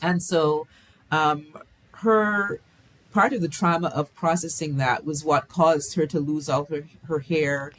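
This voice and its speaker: A woman author being interviewed, answering in a reflective way and pausing to search for words. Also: sits low, fairly even intonation. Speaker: author guest.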